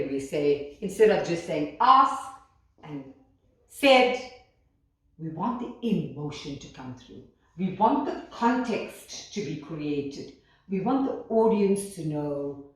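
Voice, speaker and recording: Slow, expressive woman teacher in a classroom. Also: lowish voice. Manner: slow, expressive, acts out words with her voice. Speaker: English teacher. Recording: echoey room, voice from far off.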